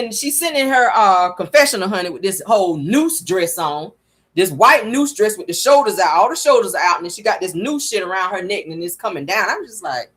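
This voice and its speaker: A woman recaps reality TV with sass and running wisecracks. Her pitch swings widely from line to line, and the talk stays animated throughout. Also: brisk, breathy edge. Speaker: show recap host.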